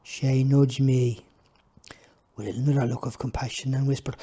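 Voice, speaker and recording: A man's voice: mid-range voice, flat delivery, moderate pace, pauses often, warm tone, husky. A man reading his own book aloud, telling the story in a plainspoken, reflective way. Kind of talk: audiobook narration.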